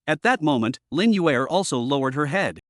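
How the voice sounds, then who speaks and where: A man reading a scripted story recap in an even, steady way. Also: fairly high pitch, normal speed, no echo, studio quality. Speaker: narrator.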